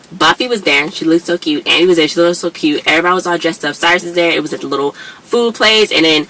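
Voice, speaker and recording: A woman casually recapping a TV episode in a chatty, lively way, often slipping into quoted lines from the characters. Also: fairly low pitch, fast, a little hiss or hum, rough recording. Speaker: YouTube show recapper.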